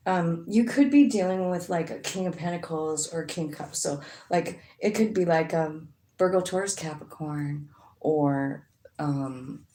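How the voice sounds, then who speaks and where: A woman's voice: deep voice, unhurried, mellow. A woman giving a casual, rambling tarot reading, chatty, with frequent fillers and some swearing. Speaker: tarot reader. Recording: echoey room with faint noise.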